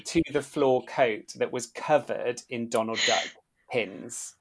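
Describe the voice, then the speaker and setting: A man recounts a story in a relaxed podcast chat. His voice sits in an ordinary middle range, and he livens things up by acting out the people in his tales. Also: medium pitch, slow. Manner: animated storyteller, acts out quoted voices. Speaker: podcast guest, former theme park worker.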